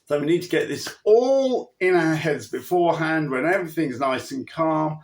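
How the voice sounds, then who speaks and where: A man teaching riders how to handle a spooky horse, his voice sitting a little high for a man. He talks in an emphatic, chatty way, with asides and restarts, and acts out the cues he gives the horse. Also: expressive, moderate pace. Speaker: horse riding trainer. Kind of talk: instructional talk.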